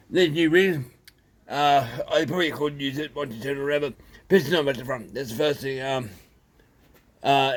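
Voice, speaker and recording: A man with an Australian accent, talking casually and haltingly through a chainsaw repair, with many fillers. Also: medium pitch, a little hiss or hum. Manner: rambling, plain-spoken, halting with fillers. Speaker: small engine repairer. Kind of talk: casual workshop video.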